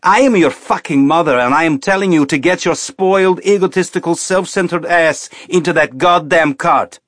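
A man's voice: on the high side, expressive, slow pace, dry recording, clean studio sound, pitched above the performer's own voice. A man voicing a furious, domineering male colonel who barks harsh commands at a girl in an audiobook. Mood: menacing.

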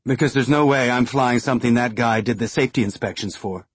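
A man's voice: medium pitch, fairly quick, husky, no echo, close to an everyday voice. A man voicing a blunt, wary male ship captain in an audiobook.

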